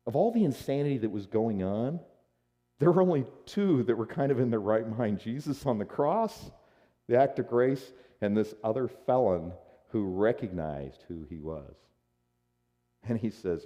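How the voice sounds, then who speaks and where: Male pastor, lively conversational sermon delivery, mellow tone. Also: medium pitch, normal speed. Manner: animated, conversational preaching.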